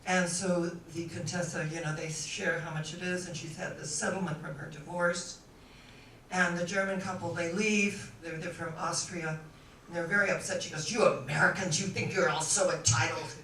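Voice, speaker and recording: A woman minister gives a storytelling sermon, bright and forceful in tone, with a playful, animated delivery. She is recorded from a distance in an echoey hall. Faint noise sits under the voice. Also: on the low side, moderate pace.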